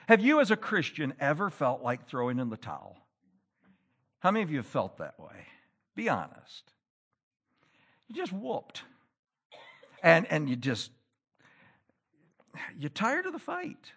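A man preaching to a congregation, his fairly high voice swinging widely in pitch. He delivers animated, emphatic points and lands on loud peaks before dropping back to a softer, conversational tone. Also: measured pace, creaky, pauses often, slightly rough. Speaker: pastor. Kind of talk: sermon. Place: church.

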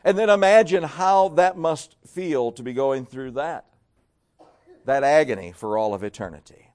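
A man preaching a sermon as pastor, dramatic, swinging between loud emphasis and hushed low tones and stretching out words for weight.

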